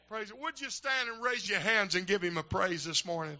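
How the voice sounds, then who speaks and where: An older man preaching a sermon, telling folksy stories and building to shouted exhortation from the pulpit. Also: high-pitched, animated, a little fast, hardly any pauses. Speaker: pastor. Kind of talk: sermon with storytelling. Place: church sanctuary. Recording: dull lo-fi church recording.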